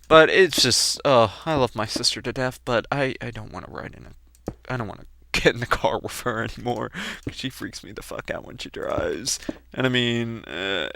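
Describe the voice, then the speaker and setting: A young man telling a rambling story about his sister while playing a game, breaking into high squeaky acted-out quotes. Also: bright, forceful tone. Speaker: let's play gamer. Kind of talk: casual gameplay commentary.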